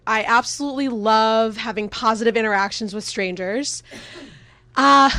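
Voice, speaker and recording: Young woman doing stand-up, high voice, snarky and fed up, swears a lot, dry sound. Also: fairly bright tone, dry recording. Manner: sarcastic, exasperated storytelling with swearing. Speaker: stand-up comedian. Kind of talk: stand-up comedy set.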